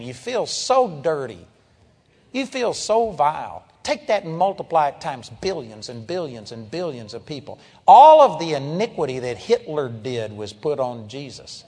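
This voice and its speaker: A man preaching a sermon at a seminar, emphatic, moving between hushed and forceful delivery. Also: a little high, in a large hall.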